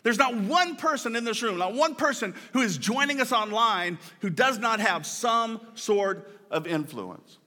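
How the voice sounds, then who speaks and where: A man's voice: high voice, a little slow, hardly any pauses. Guy preaching in a church, repeats himself a lot building up to points, jokes with the crowd, echoey reverb. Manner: animated, playful asides to the congregation. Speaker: pastor. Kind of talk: sermon. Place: church hall with a congregation.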